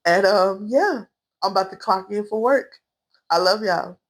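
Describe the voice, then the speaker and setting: A woman's voice: medium pitch, a little slow. A young woman vlogger giving an emotional, earnest spiritual message straight to her viewers, calling them y'all. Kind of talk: heartfelt spiritual vlog monologue.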